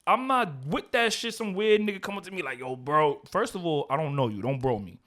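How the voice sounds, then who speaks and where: A man with a fairly high voice, talking loosely on a podcast. He jokes loudly and animatedly, with quick bursts of slang. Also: expressive. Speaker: podcast co-host. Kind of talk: casual chat.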